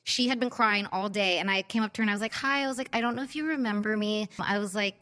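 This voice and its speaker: A woman's voice: medium pitch, quick pace, fairly bright tone. Bubbly woman telling a story, "like"-heavy. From San Fernando Valley, California. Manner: bubbly, says "like" constantly, acts out voices in stories. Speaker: podcast host. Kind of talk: casual chat, storytelling.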